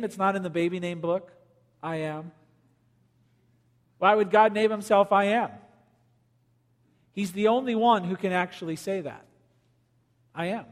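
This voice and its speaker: A man preaching a sermon as pastor, swinging between loud emphasis and quiet, low lines. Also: long reverb tail.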